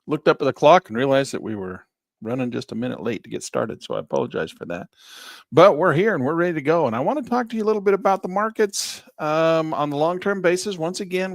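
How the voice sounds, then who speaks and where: A man running a live online trading class, chatty and animated, jumping between topics. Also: a little high, no room sound, studio quality. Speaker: trading instructor.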